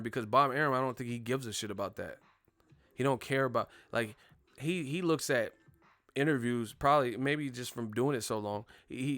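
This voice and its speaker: A man's voice: medium pitch, smooth, dry recording. A young man hosting a boxing live stream, ranting casually and profanely and slipping into impressions of the people he talks about. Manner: animated, profane, mimics others mid-rant. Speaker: boxing show host.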